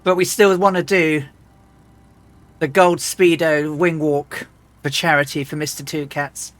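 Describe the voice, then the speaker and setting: A woman streamer chatting casually and rambling as she flies a simulator, often restarting and clearing her throat. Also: sits low, little pitch movement, normal speed. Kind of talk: casual live-stream chat while flying a flight simulator.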